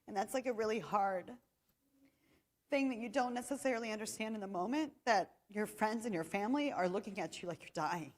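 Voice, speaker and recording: A woman's voice: medium pitch, fairly quick, big-room sound. A woman in her thirties speaking earnestly and reflectively in a conversational interview. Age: 30s. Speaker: interviewee, cancer survivor.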